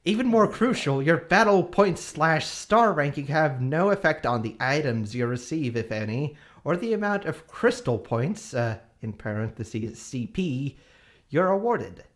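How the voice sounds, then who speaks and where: A man's voice: fairly high pitch, sing-song, a little slow. A man streaming, reading a long game review aloud with small hesitations.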